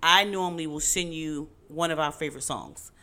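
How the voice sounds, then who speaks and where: A woman's voice: low voice, moderate pace, pushed and bright. A middle-aged woman co-hosting a married couple's podcast, chatting in a playful, teasing way. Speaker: podcast co-host. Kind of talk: casual chat.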